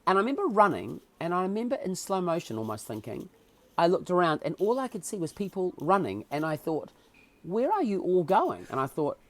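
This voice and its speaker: Speaking fairly quickly in a high-pitched voice, a man with a New Zealand accent guests on a podcast. He tells stories in a casual interview, animated and full of emotion.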